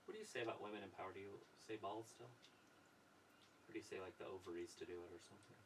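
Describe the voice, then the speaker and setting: A man's voice: low-pitched, fast, background noise. A man co-hosting a casual live stream, chatting and riffing on what he is watching. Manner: chatty, riffs on the on-screen action. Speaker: co-host of a wrestling watch-along stream. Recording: distant voice with faint room ambience.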